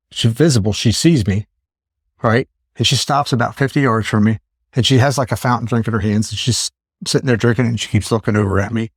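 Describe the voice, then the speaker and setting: A man's voice: mid-range voice, brisk, pauses often, slightly rough, no room sound, studio quality. A man in his fifties, a podcast host telling a story in casual chat and acting out his own thoughts in exclaimed asides. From Pennsylvania. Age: 50s.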